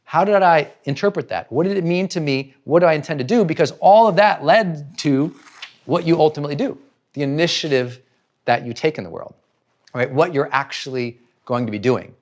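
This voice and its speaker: A man's voice: fairly high pitch, a little fast. A middle-aged man, a personal growth trainer, giving a motivational talk, full of rhetorical questions and acted-out inner voices.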